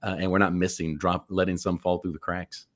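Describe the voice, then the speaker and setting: A man co-hosting a casual interview, asking questions and telling short anecdotes in a relaxed way. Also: sits low, fairly quick, dry recording, studio quality. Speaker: podcast co-host.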